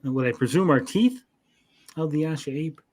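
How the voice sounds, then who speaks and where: A man's voice: fairly high pitch, lively intonation, moderate pace. A man co-hosting an anime review podcast, casually retelling scenes with swearing and acted-out quotes. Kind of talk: casual chat.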